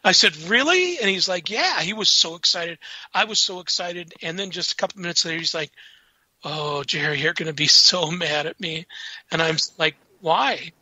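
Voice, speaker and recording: A man recounts ghost hunts on a radio talk show, animated and laughing as he acts out every line. His voice sits high and very bright, and the lo-fi sound is dry and dull. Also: moderate pace, dry recording. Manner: animated, laughing storyteller acting out quotes. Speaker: paranormal investigator guest. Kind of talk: casual storytelling on a radio show.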